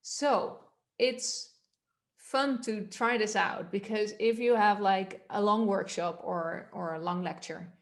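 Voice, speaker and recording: A woman's voice: mid-range voice, fairly even intonation, slow pace. A woman voice coach giving a workshop, explaining techniques in a loose, conversational way and demonstrating them aloud. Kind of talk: workshop instruction.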